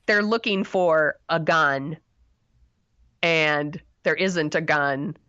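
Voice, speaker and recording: A woman's voice: low voice, takes it slowly, pushed and bright, highs cut off. A woman co-hosting a podcast, talking through a movie review in a loose, rambling way with lots of fillers and self-deprecating laughs. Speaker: podcast co-host. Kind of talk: casual movie review chat.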